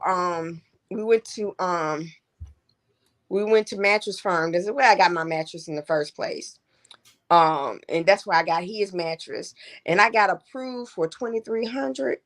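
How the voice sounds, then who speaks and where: A woman's voice: mid-range voice, fairly bright tone. A middle-aged woman co-hosting a podcast, telling a story in casual chat and acting out the people she quotes. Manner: storytelling, acts out quoted voices. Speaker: podcast co-host.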